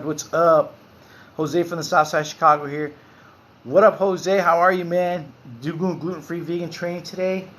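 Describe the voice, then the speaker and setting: A man in his forties hosts a casual livestream in a slightly high voice, with a little hiss or hum in the audio. He's loose and candid, swearing as he reads out viewer comments.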